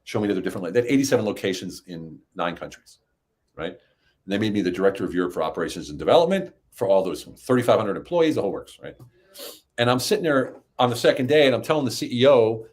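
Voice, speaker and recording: A middle-aged man telling stories as a podcast guest, animated and climbing high in pitch when he acts out what people said. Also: fast talker. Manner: animated, rises high when acting out quotes. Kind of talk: casual storytelling.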